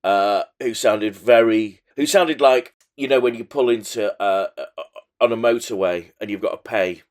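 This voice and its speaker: A man chatting as a pundit on a football podcast, animated and rambling, laughing between jokes. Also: lowish voice, normal speed. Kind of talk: casual chat.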